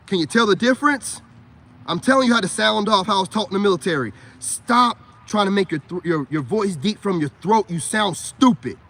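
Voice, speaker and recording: A man's voice: sits high, fairly bright tone. A man giving a blunt, profane lecture in a casual rant straight to camera. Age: adult parent. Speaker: vlogger. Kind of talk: casual ranting monologue.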